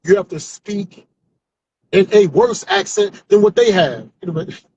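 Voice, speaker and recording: A man's voice: high voice, measured pace, a little mellow, husky, muffled recording. A male comedian trying out new stand-up jokes without notes, rambling and talking to himself, often ending lines with "man". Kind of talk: stream-of-consciousness stand-up practice. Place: car on commute.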